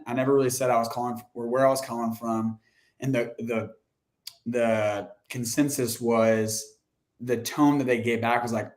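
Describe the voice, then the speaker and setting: A man co-hosting, telling his own cold calling stories in a relaxed conversational way. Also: mid-range voice, moderate pace. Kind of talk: casual chat about cold calling.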